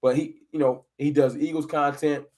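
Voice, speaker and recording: A man runs a casual sports live stream, answering viewers one by one. His voice sits a touch high, and he talks in a lively, combative way, pushing his opinions hard while staying loose and conversational. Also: moderate pace. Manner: animated, argumentative, addresses chat viewers directly. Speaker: fan channel live stream host.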